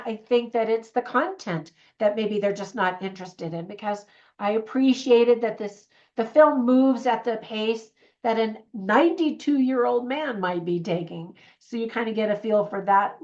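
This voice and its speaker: A woman's voice: on the high side, measured pace, highs cut off. A middle-aged woman giving a casual, earnest movie review, chatty and full of fillers and restarts.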